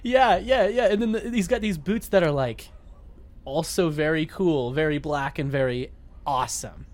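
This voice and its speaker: A man's voice: a little high, moderate pace, darkish tone. A man co-hosting a podcast, recapping a movie in casual chat, giggly and rambling with many restarts. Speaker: podcast co-host.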